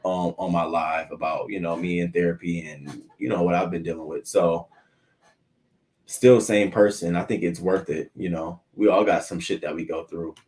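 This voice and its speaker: Lowish-voiced man hosting a casual show. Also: normal speed. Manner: animated, swearing, talks back to viewer comments. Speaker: host of a morning news show. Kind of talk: casual livestream news commentary. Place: at home, in a swivel chair.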